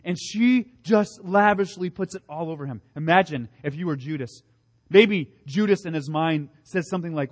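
Earnest preacher with a high voice. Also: male voice, moderate pace. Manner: earnest, emphatic, with rhetorical questions and repeated phrases. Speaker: pastor. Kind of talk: sermon.

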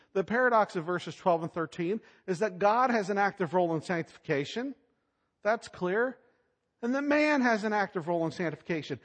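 A man preaching a sermon, swinging between loud, emphatic lines and hushed asides. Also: sits high. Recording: long hall reverb.

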